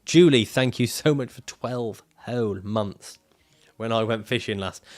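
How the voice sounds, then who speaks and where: A man's voice: medium pitch, measured pace. A man livestreaming casually, reading out viewer comments and answering them in a jokey, profane way and laughing often.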